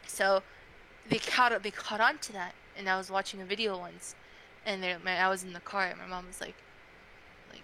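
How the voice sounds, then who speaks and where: A young adult woman chatting casually on a podcast, telling a story in a chatty, animated way with many fillers. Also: medium pitch, normal speed, a little hiss or hum, rough recording.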